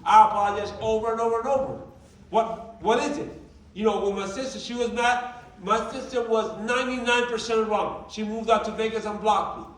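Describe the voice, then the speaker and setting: A motivational speaker, whose voice sits high, talks fairly quickly through a storytelling presentation to a group, animatedly performing the quoted dialogue. It's set in a large meeting room, with a distant mic and echoey hall sound.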